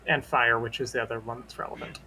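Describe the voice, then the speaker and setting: A man playing a tabletop game, tossing out quick remarks on rules and damage. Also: medium pitch, steady tone, sharp tone, slight background noise, low-quality recording. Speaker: player.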